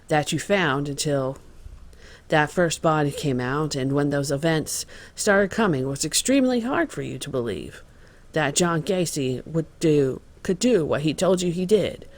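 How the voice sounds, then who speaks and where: A man voicing a male trial lawyer asking formal, measured questions in a dramatized reading of court testimony. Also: a little high, animated.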